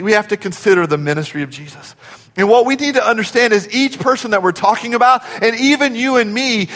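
A man preaching a sermon as a pastor. He swings from shouts down to whispers and urges the congregation to answer him aloud. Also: high-pitched, big-room sound. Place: church sanctuary.

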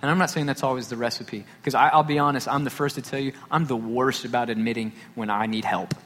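A man's voice: medium pitch, fairly even intonation, fast, fairly bright tone. A man preaching a sermon, from Texas, telling a personal story in a conversational way with self-deprecating asides. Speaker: pastor. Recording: long hall reverb with faint noise.

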